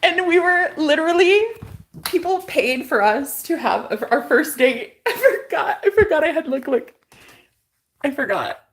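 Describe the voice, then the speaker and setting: A woman's voice: high voice, lively intonation, measured pace. Woman vlogger telling a story at home; loose, chatty delivery full of laughs and swearing. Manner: rambling, laughs often, swears freely. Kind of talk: casual storytelling to camera. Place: at a table at home.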